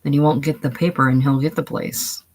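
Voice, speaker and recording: Reader doing a sick bitter young guy, husky, tired sounding. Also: mid-range voice, fairly even intonation, brisk. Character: sick, feverish young man, bitter and resigned. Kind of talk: casual play reading.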